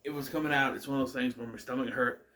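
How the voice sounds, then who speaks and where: A man's voice: mid-range voice, fairly even intonation, fast, bright, forceful tone. A man giving a casual, rambling recap of a TV episode, with many fillers and restarts. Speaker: show reviewer.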